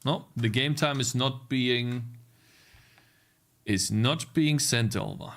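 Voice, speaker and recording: Slow-talking frustrated male coding streamer. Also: medium pitch, a bit bright. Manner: frustrated muttering while debugging, talking to chat. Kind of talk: live coding stream chat.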